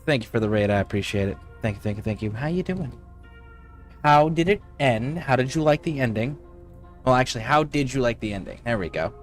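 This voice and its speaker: A man streaming a video game, chatting casually with viewers, swearing freely and thinking out loud while he plays. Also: medium pitch, lively intonation, a little fast, soft background music. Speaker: livestreamer. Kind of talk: casual gaming livestream chat.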